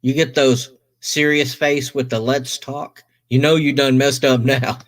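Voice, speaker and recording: A middle-aged man casually telling a personal story, animated, swearing and quoting others in his own voice. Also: medium pitch, a little slow, few pauses.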